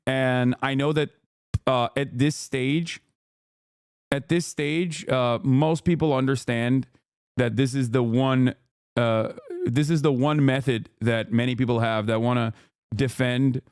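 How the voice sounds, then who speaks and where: A man's voice: mid-range voice, steady tone, measured pace, clean tone, no room sound, studio quality. A man streaming live, reacting to clips with sarcastic, mock-outraged asides and rambling restarts. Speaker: political streamer.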